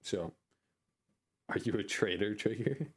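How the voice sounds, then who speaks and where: A man's voice: on the low side, expressive, measured pace, breathy edge. An American man chatting on a live stream, rambling and jokey, with crude language. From United States. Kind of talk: casual live-stream chat.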